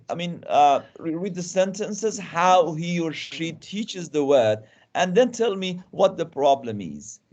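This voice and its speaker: Male guest lecturer, fairly high voice, interactive, repeats himself, on a video call. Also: darkish tone, dull audio. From Iran. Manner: interactive, often restarts and repeats words. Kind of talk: online webinar lecture.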